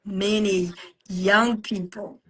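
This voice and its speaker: A woman in casual livestream chat who tells stories with animated quoted voices and laughs often. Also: mid-range voice, slow, breathy edge. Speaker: guest, gospel singer and cosmetics entrepreneur. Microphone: video call.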